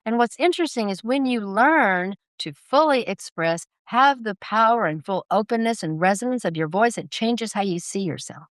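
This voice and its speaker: Woman voice coach, emphatic and expressive, dry close recording, mid pitch. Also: normal speed, hardly any pauses, dry recording. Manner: expressive, emphatic teaching delivery. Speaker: voice coach guest. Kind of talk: podcast interview.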